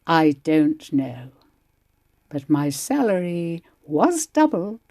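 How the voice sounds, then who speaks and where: A woman, an amateur actor, giving a lively dramatic reading of a first-person stage memoir. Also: sits low, takes it slowly. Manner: lively, animated storytelling. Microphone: home recording.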